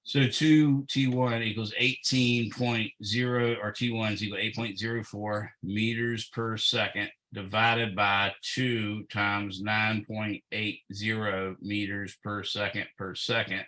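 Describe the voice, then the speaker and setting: Slow, methodical low-voiced male tutor. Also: little pitch movement, bright, forceful tone, poor audio. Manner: slow and methodical, thinking aloud with fillers. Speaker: physics tutor. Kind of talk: working through a problem aloud.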